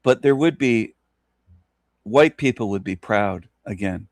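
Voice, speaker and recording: A man hosting a solo radio monologue, ranting emphatically and repetitively with mocking chuckles and sudden jumps in pitch. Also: expressive, measured pace, no echo, studio quality. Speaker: radio show host.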